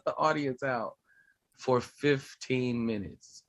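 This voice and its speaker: A man, a comedian and podcast co-host, telling animated, profane stories in casual chat. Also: on the high side, a little slow.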